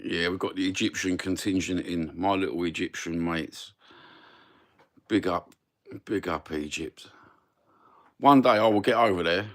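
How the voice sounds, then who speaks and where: An older English man with a broad Cockney accent, talking in a deep, low voice. He rambles along in a friendly live chat and throws in "mate" and "brother" as he answers viewers. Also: a little slow, long pauses. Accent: Cockney London. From England. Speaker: live stream host.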